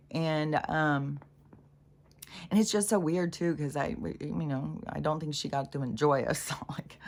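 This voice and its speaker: A middle-aged woman telling a candid, rambling personal story in a casual way, swearing freely. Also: sits low. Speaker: spiritual content creator.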